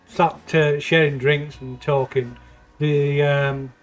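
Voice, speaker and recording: A man narrates a tabletop game as game master, stopping and restarting his sentences often. His voice sits a little high, with faint music in the background. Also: little pitch movement. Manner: halting, full of ums and restarts.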